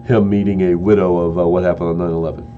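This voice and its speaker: A man's voice: sits low, level tone, fast, narrow, tinny audio, a little hiss or hum. A man hosting a live-streamed sports opinion show, ranting with heated, exasperated outbursts and mild cursing.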